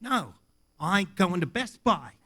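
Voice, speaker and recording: A man's voice: sits high, very animated, a little slow, pushed and bright, full character voice. A man doing a blunt Australian bloke. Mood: gruff blunt. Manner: blunt, swears.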